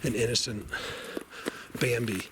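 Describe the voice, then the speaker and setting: A man's voice: mid-range voice, steady tone, measured pace. A man vlogging on foot in a forest, rambling and defiant, chuckling at his own jabs, at times out of breath. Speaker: outdoor vlogger. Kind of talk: casual walking vlog to camera. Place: outdoors in a forest. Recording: noisy outdoor camera audio.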